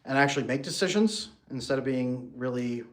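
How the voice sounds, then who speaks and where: A man coaching on marriage, talking in a lively way and breaking into playful mock voices for his examples. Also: medium pitch, brisk. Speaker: relationship coach. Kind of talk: animated solo talk with acted-out examples.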